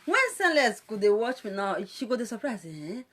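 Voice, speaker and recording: A Nigerian woman hosting a live video rant into her phone, her voice sitting a little high. She mocks and scolds the people who called in. She breaks into laughter again and again between jabs. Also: very animated, normal speed, fairly bright tone. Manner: mocking, scolding, laughs often between lines. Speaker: social media presenter.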